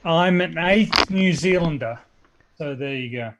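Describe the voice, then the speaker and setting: A man's voice: a little high, measured pace, lo-fi sound, very noisy. A man in a casual group chat, teasing and mock-insulting the others with dry sarcasm. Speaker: guest on a live stream.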